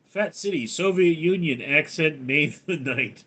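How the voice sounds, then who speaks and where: A man hosts a casual livestream, reading out viewer names and questions and then joking back at them. He speaks slowly and deliberately. His voice sits a little high, with a bright, forward tone. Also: lively intonation, slightly rough. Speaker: livestream host.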